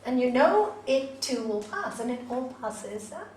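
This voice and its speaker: A woman's voice: high-pitched, big pitch swings, unhurried, a little mellow, slight background noise. An older woman teaching a yoga class, chatty and laughing often, telling personal stories and quizzing her students. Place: large hall. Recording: echoey hall from far off, faint ambience.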